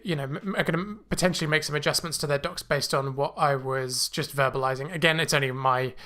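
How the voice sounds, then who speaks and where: A man hosting a coding livestream, thinking aloud with many fillers and restarts, a little choked and clearing his throat. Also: on the high side, fast, pushed and bright. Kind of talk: casual live coding walkthrough. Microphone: new desk mic.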